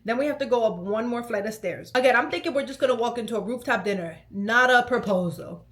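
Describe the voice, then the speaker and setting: A young woman telling a storytime vlog in an animated, chatty way, full of "like" and "let me tell you". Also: on the high side, quick pace. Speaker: vlogger.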